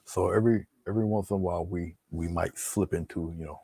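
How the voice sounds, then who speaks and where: A man's voice: sits low, fast talker, vocal fry, breathy edge. A man teaching painting live, joking with viewers and answering their comments as he works. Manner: relaxed, joking, talks to viewers while painting. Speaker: painting instructor.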